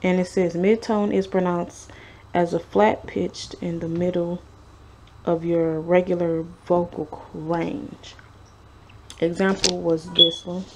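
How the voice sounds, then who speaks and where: A young woman vlogs from home, reading her study notes aloud in a low, fairly flat voice at a slow pace, with a little hiss or hum in the background. She's chatty and hedging, full of fillers, often admitting she's unsure, while her sister snores nearby.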